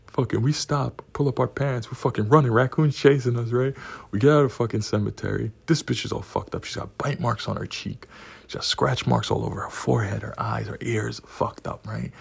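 A man in his forties telling a profane, rowdy personal story and laughing at his own punchlines. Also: medium pitch. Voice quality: gravelly, husky voice.

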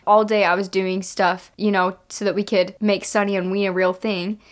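A woman's voice: medium pitch, little pitch movement, moderate pace. A young woman co-hosting a casual podcast, chatty and bubbly, laughing often. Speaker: podcast co-host.

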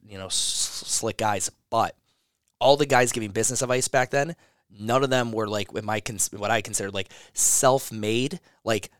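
A man's voice: lowish voice, a bit bright, dry recording, clean studio sound. A man who runs a gym consulting business talks casually in an interview, rambling with frequent restarts and swearing freely.

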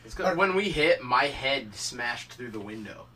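A man's voice: mid-range voice, expressive, unhurried, sharp tone. A young man talking in a laid-back, matter-of-fact way in casual chat with friends. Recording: mic at a distance.

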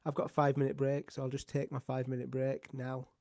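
A man co-hosting a live music show, telling his side of a story in a rapid, tumbling rush. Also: medium pitch, completely flat delivery, creaky, a little mellow, no echo, studio quality. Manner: rapid, tumbling delivery that rushes ahead. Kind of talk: casual storytelling chat.

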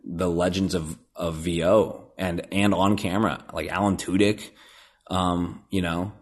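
A man's voice: low voice, flat delivery, a little slow. A man who works as a voice actor, chatting casually on a podcast, rambling and self-deprecating with many fillers and restarts. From Nebraska. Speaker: voice actor guest.

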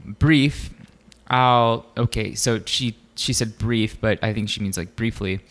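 A man's voice: fairly low pitch, takes it slowly, a bit bright. A man co-hosting a casual podcast, reading a story aloud in a laid-back way with lots of fillers and asides. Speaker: podcast co-host.

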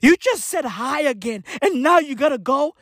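A woman's voice: high voice, lively intonation, no room sound, pitched above the performer's own voice. A woman playing a desperate superhero guy begging his lover to stay, whiny, dry close sound. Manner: whiny, pleading, rapid questions. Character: clingy pleading male superhero, desperate lover.

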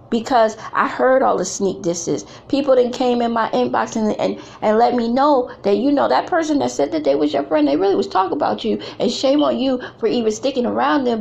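A woman's voice: fairly high pitch, brisk, vocal fry, few pauses, a little mellow, dull audio. A middle-aged woman giving a blunt, emphatic talk to other women, repeating phrases for effect. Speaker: speaker addressing women. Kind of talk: candid motivational talk.

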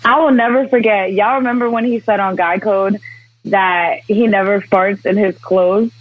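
A man with a high, husky voice talks in an easy, slangy way and tells stories as a podcast co-host. The sound is muffled and lo-fi, as if from a cheap mic. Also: fairly even intonation, moderate pace. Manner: laid-back, slangy storytelling. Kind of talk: casual chat. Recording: dull lo-fi mic.

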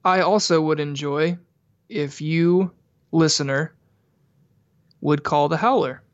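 A man's voice: a little high, takes it slowly, no echo, lo-fi sound. A man co-hosting a casual podcast, chatting and reading out show details. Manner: chatty, reads out show info. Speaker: podcast co-host.

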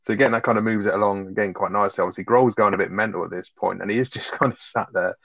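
A man's voice: fairly low pitch, steady tone, rapid-fire, gravelly, a bit bright, dry recording, muffled recording. A man co-hosting a podcast, chatting casually and retelling film scenes with lots of swearing. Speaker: podcast co-host reviewing a film. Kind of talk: casual chat.

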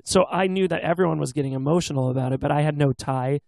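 Man, 30s, casual co-host, gravelly voice, dry close sound, rambling storyteller. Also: fairly high pitch, quick pace, a little mellow, dry recording. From US West Coast. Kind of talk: casual chat.

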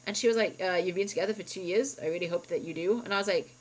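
A woman in her thirties co-hosting a podcast, telling a story in a casual, animated way, full of "like" and the odd swear. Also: lowish voice, rapid-fire, low-quality recording. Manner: animated storytelling, heavy use of "like", swears freely. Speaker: podcast co-host.

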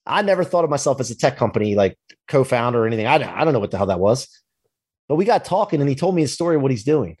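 A man telling a personal business story in a casual interview, animated and acting out the dialogue. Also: medium pitch, very fast, slightly rough, no echo, studio quality. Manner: animated, acts out quoted dialogue, swears casually. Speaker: podcast guest, entrepreneur.

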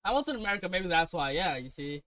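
Brief: young man from India, podcast co-host, crude jokey banter, slightly high voice, dry close mic. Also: sing-song, sharp tone, no room sound. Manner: crude, joking, quick to laugh. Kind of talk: casual banter.

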